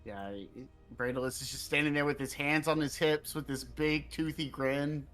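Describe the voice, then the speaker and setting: A man's voice: fairly high pitch, fairly even intonation, normal speed, fairly bright tone, faint music behind. Rambling man narrating his game turn. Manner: rambling, filler-heavy. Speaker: player. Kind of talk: describing actions in a tabletop game.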